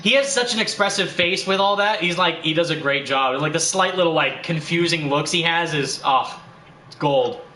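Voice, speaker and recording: A young man with a high, bright voice, chatting excitably with a friend during a livestream and laughing as he quotes favorite movie lines. The room is echoey, with a faint hiss of noise behind him. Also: normal speed. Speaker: streamer hosting a game livestream. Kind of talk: casual chat with a friend.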